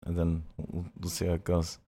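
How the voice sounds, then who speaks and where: A man co-hosting a podcast, chatting casually and acting out voices in a lively anecdote. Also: low-pitched, brisk. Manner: acts out voices in anecdotes, swears freely. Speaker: podcast co-host and musician. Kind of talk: casual chat, animated storytelling.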